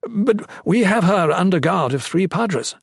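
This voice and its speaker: Guy doing an anxious priest, voice pushed up high. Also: animated, a little slow, creaky, breathy edge, no echo, studio quality, exaggerated voice. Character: Padre Nolan, awed anxious male priest.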